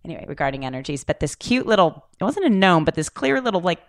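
A woman medium telling gentle, earnest stories in a casual podcast chat. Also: lowish voice, very animated, fast talker, no echo, clean studio sound. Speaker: intuitive medium guest.

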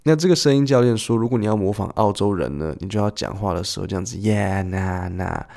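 A man's voice: on the low side, very fast, vocal fry, darkish tone, slight background noise. A man teaching English in a chatty, playful way, acting out short dialogues as he explains clips.

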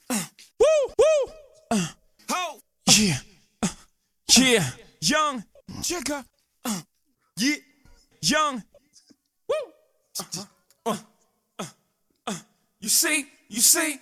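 A man voicing a hyped rapper who shouts ad-libs and whoops over a beat. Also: very high-pitched, pitched above the performer's own voice, full character voice.

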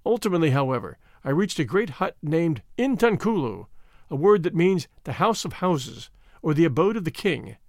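A man narrating an adventure novel as an audiobook in an expressive, measured storytelling manner. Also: fairly high pitch, no echo, studio quality.

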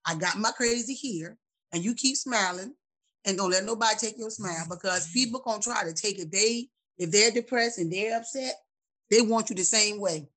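Animated husky-voiced woman chatting. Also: mid-range voice, moderate pace. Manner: animated, preachy, laughing often. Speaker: guest. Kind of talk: casual chat.

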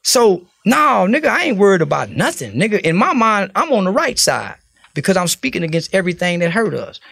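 A man talks in a blunt, profane street style, preaching his point. His voice sits high for a man and has a gravelly edge. The recording is close and dry. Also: sing-song, a little fast, a bit bright, dry recording. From Fort Worth, Texas. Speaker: interview guest. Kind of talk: casual interview talk.

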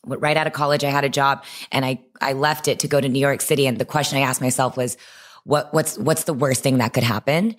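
Young woman, low register, podcast guest recounting her start; animated, quotes her own thoughts. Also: fast talker. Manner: animated storytelling with quoted inner voices. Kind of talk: podcast interview.

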